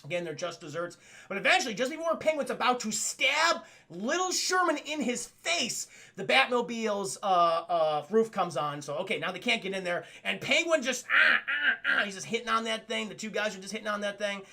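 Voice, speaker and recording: Here a man reviews a cartoon on stream, swearing casually, rambling on, and continually addressing his chat. He speaks fairly quickly in a high voice with big pitch swings and a sharp tone, in the style of casual live-stream commentary.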